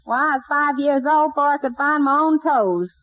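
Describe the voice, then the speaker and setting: High-voiced punny country gal, a woman doing it, folksy and brassy, dull old 1940s radio sound. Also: normal speed, natural voice. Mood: zany. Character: scatterbrained wisecracking country gal, young woman. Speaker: comedy star of a radio sitcom. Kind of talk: 1940s radio sitcom acting.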